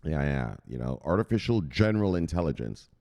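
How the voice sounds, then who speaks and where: An American man presents crypto news, reading an article aloud and drifting into casual, chatty asides to his viewers, even asking them to google things. His bass voice is mellow and sing-song, and he talks a little fast.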